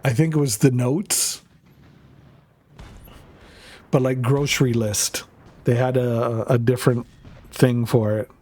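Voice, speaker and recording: A man's voice: mid-range voice, steady tone, moderate pace, warm tone. A man chatting casually on a stream, rambling through stories, laughing and swearing freely. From North America. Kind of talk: casual chat while streaming.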